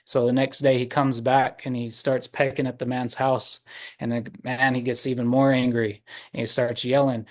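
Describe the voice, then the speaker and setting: A man telling a traditional story to an online audience, unhurried, with many pauses and fillers. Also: mid-range voice, little pitch movement. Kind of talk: oral storytelling. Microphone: video call.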